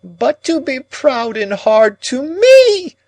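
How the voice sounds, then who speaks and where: A man's voice: sing-song, slow pace, dry recording, exaggerated voice, poor audio. Miss Havisham, a shrieking old woman, voiced by a man. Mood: anguished. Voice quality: high, strained, wailing. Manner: moaning, dragged-out lament. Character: old anguished jilted woman, wild and shrieking. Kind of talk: audiobook character reading.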